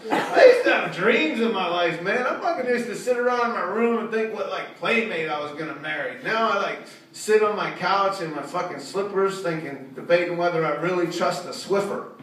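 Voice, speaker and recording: A man doing a loud, profane stand-up set and working the crowd. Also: sits high, expressive, normal speed. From Pittsburgh area. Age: 40s. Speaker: stand-up comedian. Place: small art studio venue, indoors. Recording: distant echoey room recording with loud ambience. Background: audience laughter.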